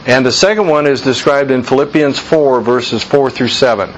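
A man's voice: medium pitch, normal speed. A man leads an informal Bible study, earnest and conversational. He drives his points home by repeating them. The recording is dull and lo-fi, with a faint hiss underneath. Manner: earnest, conversational, emphatic repetition.

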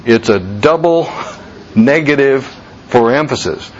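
A man preaching a sermon slowly and deliberately, jumping to a much higher pitch when he voices people's reactions. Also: expressive, dull audio, a little hiss or hum. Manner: slow deliberate preaching, voice leaps high for quoted reactions. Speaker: pastor.

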